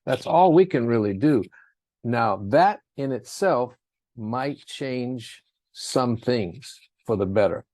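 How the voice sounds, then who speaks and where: A man's voice: medium pitch, lively intonation, slow pace, a little mellow, no echo. A man giving an earnest, rambling spiritual talk, who acts out quotes in raised voices. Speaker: speaker in a spiritual talk series.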